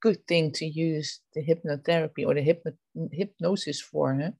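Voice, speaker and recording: A woman's voice: low voice, fairly even intonation, normal speed, creaky, mellow, husky, dry recording. A woman from the Netherlands co-hosting a podcast, easygoing and giggly in casual chat. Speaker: podcast co-host.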